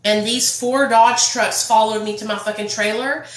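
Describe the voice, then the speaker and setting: A woman's voice: a little high, fairly even intonation, normal speed, roomy sound, rough recording. A woman telling her own story to viewers in a casual, blunt, profane vlog. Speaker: vlogger.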